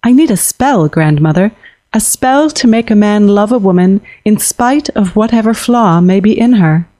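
A woman's voice: mid-range voice, lively intonation, normal speed, mellow, no room sound, natural voice. Woman voicing a proud young princess. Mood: resolute. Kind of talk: audiobook fiction reading.

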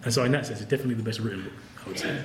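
A man's voice: medium pitch, very fast, background noise. A man, a professor, speaking candidly and wryly at a book event, laughing often. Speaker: professor and author. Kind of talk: conversational talk at a book event. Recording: roomy event-hall sound.

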